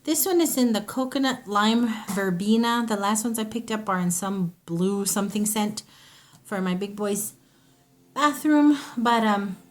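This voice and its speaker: A woman talks casually to her viewers as she shows a shopping haul. She rambles, goes off on side stories and corrects herself mid-sentence, with a relaxed, homey way of talking. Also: mid-range voice, unhurried. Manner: chatty, rambling, self-interrupting. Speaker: vlogger. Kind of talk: casual haul video chat.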